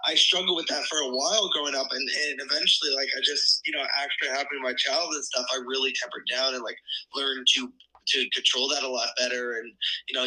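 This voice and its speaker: A man's voice: mid-range voice, sharp tone, breathy edge, low-quality recording. A man co-hosting a podcast, talking in a casual, earnest way that slips into mock lecturing. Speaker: podcast co-host.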